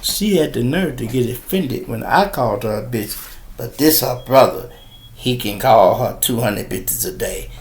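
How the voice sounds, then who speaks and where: A middle-aged Chicago man hosts a live podcast, trading streetwise, profane stories in casual storytelling talk. His mid-range voice is expressive and measured in pace, and the room has a noticeable echo.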